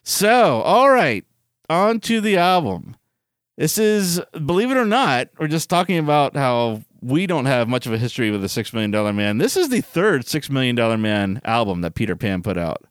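A man hosts a casual podcast, joking and laughing often. His voice swings in lively fashion and sounds dry and close. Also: mid-range voice, normal speed, smooth, no room sound. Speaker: podcast host. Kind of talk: casual chat.

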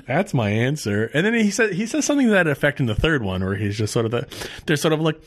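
A man's voice: fairly high pitch, big pitch swings, quick pace, few pauses. A man co-hosting a podcast, rambling casually, swearing and laughing often. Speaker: podcast co-host. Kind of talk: casual chat.

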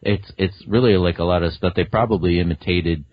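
A man guesting on a casual podcast, enthusiastic and rambling, quick to laugh. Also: deep voice, steady tone, breathy edge, no echo, lo-fi sound.

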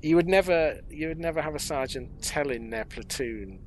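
A man's voice: fairly high pitch, animated, normal speed. Co-host: English man, casual rambling chat, jokes at his own expense, faint hiss behind. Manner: rambling, self-deprecating, jokey. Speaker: podcast co-host.

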